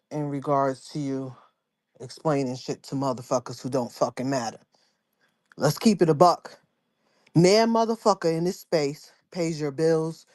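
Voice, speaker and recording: A woman's voice: mid-range voice, no echo, studio quality. A woman venting angrily and with heavy profanity in a live audio chat room. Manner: angry, profane, confrontational.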